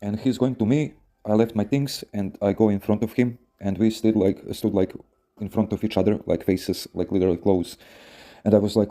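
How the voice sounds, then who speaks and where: Guy, really deep mellow voice, rambling podcast advice full of you know and swearing. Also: steady tone, moderate pace. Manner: rambling, many fillers, frequent swearing. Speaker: podcast host. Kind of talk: casual storytelling advice podcast.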